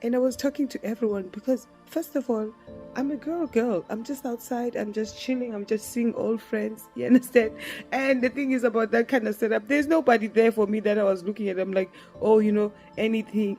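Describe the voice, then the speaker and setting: Young woman doing a storytime vlog, laughing a lot, acting out the convo, soft music underneath. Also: fairly high pitch. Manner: animated, laughs often, acts out dialogue. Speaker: storytime vlogger. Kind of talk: casual storytime monologue.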